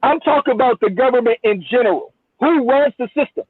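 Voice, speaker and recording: A man's voice: extremely high pitch, a little fast, husky, no echo. A man calling in to a heated debate, insistent and repeating himself for emphasis. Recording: tinny phone line.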